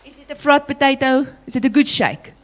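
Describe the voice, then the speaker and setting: A woman's voice: high-pitched, expressive, fairly quick, noisy background. A woman with a South African accent leading a school assembly, talking energetically and playfully as she calls out to pupils.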